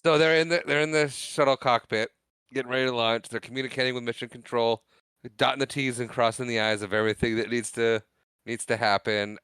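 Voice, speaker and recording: Bright, clear-voiced man recapping a film. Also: mid-range voice, fairly even intonation, fairly quick, dry recording, clean studio sound. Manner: retells scenes with lots of laughing. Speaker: podcast co-host. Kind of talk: casual movie recap chat.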